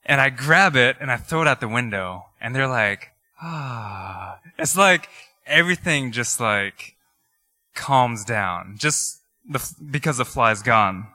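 Man, 30s, pastor, casual storytelling sermon, very bright voice, dry sound. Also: medium pitch, measured pace, no room sound. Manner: conversational, animated storytelling with laughs and filler words. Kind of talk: sermon with personal stories.

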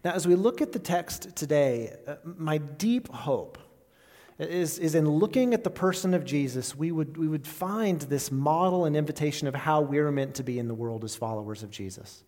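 A man's voice: a little high, lively intonation, moderate pace, mellow. A man preaching a sermon to his congregation, talking it through with rhetorical questions and restarts. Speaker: pastor. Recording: long reverb of a church hall.

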